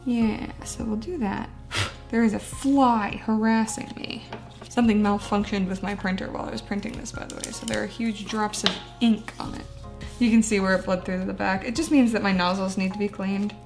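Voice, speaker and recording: A woman's voice: medium pitch, fairly even intonation, normal speed, soft background music. A woman chatting casually while she decorates a journal page, self-deprecating and laughing often. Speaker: booktuber. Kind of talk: casual chat while crafting.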